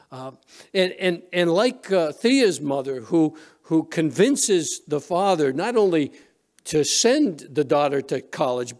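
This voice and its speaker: A male pastor preaching a sermon in a church, retelling a story conversationally with frequent restarts. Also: sits high. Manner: storytelling, retelling scenes with quoted voices. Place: church sanctuary.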